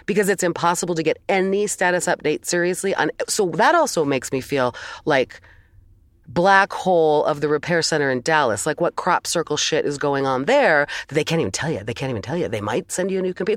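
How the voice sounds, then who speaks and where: A woman's voice: low-pitched, expressive, a little fast, dry recording. A woman co-hosting a casual chat, telling a long exasperated story with sighs and the odd swear.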